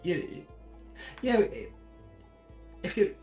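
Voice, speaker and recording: A man from the south of England with a deep baritone voice, chatting casually and rambling with many fillers and restarts. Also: lively intonation, very slow, darkish tone, soft background music, low-quality recording. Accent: Southern English. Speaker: host. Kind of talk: casual live chat.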